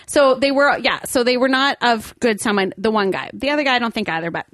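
A woman telling a story in a casual chat, animated and laughing often. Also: on the high side, quick pace, dry recording, clean studio sound.

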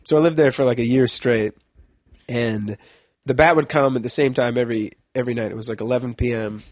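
A man's voice: mid-range voice, fairly even intonation, fairly quick, dry recording, clean studio sound. A young man chatting casually on a podcast, telling a long rambling story, laughing mid-sentence and swearing now and then.

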